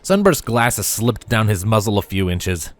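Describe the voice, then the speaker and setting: A man reading fanfiction aloud as narrator, in a lively storytelling manner. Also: lowish voice, a little slow, dry recording.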